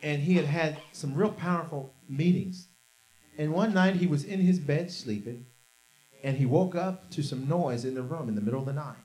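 A man preaching a sermon, telling a story and swinging from low, quiet lines to loud shouted outbursts, leading the congregation in call-and-response. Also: moderate pace.

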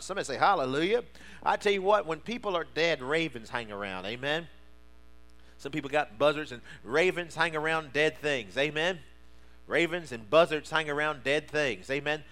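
Bright high-pitched preaching man. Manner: preaching with call-and-response prompts; rising to fervent shouts. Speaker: pastor. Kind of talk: sermon.

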